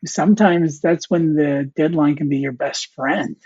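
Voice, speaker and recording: A man's voice: fairly high pitch, unhurried, darkish tone, slightly rough, no echo. A man, a comic artist guest, talks casually in an interview and rambles with fillers and restarts. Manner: rambling, many fillers and restarts, quotes mentors. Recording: dull, slightly lo-fi dry sound.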